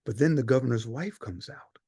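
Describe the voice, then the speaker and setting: Brief: man playing a weary Roman centurion, husky gravelly voice, dramatic monologue, hushed to loud. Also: medium pitch, lively intonation, brisk, no echo, studio quality. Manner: storytelling, swings from hushed to loud. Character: weary Roman centurion telling his story. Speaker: actor in a one-man play.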